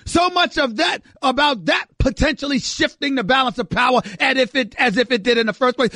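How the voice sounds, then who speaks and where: A man's voice: extremely high pitch, pushed and bright, dry recording, clean studio sound. A man hosting a sports talk radio show, delivering an emphatic, exasperated monologue that repeats phrases for effect. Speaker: radio host.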